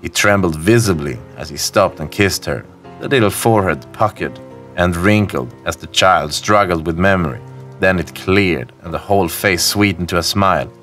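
Deep-voiced man reading a story over music. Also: normal speed. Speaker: horror story narrator. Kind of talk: scripted narration of a classic story. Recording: faint music bed behind the voice. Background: soft background music.

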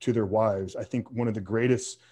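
A man with a low, mellow voice answers questions as a coach on a podcast. He speaks earnestly and with conviction, often stalling on fillers and restarting his sentences. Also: steady tone, moderate pace. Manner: earnest, faith-driven, with many fillers.

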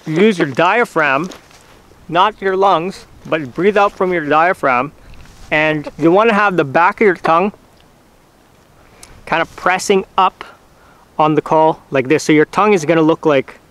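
A man hosting his own outdoors channel, casually explaining step by step in short, halting phrases. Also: a little high. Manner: relaxed, patient, talks in short halting phrases with fillers. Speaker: hunting channel host teaching turkey calls. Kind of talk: casual how-to instruction.

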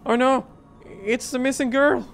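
A man's voice: extremely high pitch, steady tone, brisk, soft background music, pitched above the performer's own voice. A man raising his voice to play a frightened young girl in a game, pleading and panicked. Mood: scared.

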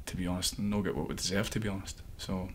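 A man's voice: deep voice, level tone, quick pace, slight background noise. A man, an assistant football coach, giving earnest interview answers and thinking aloud with frequent restarts.

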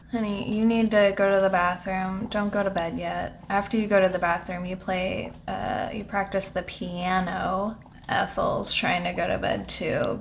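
Slow-talking woman chatting over gameplay. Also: medium pitch, fairly bright tone, slight background noise. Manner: chatty, bossing her game characters around. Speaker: gaming channel host. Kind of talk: casual gameplay commentary.

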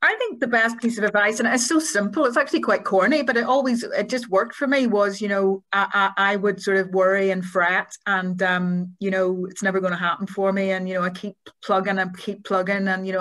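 A woman's voice: medium pitch, steady tone, fairly quick, hardly any pauses, a bit bright. A Northern Irish woman journalist speaking earnestly and self-deprecatingly on a panel. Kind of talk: reflective panel talk.

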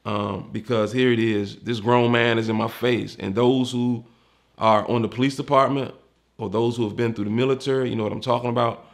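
Gravelly DC man telling a candid story. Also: medium pitch, fairly even intonation, a little fast. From Washington, DC. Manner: candid and profane, acts out the people he quotes. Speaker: retired homicide detective recounting his career. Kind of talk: casual personal storytelling.

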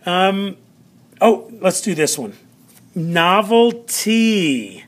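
A male teacher giving a vocabulary lesson to students, drawing out words slowly and checking in often. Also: fairly high pitch, a bit bright. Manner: slow, drawn-out word pronunciation with frequent "all right" check-ins.

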